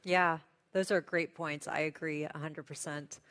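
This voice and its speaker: Bright-voiced moderator with long hall reverb. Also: medium pitch, flat delivery, measured pace, clear, resonant tone. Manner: upbeat, keeps the session on schedule. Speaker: conference moderator. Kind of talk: live conference Q&A. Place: conference stage with live audience.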